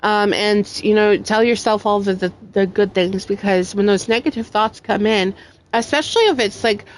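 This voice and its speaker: A young woman streamer speaks at a normal speed in a mid-range voice, with slight background noise and faint music behind her. Her casual chat while gaming is heartfelt, emotional and rambling, full of fillers.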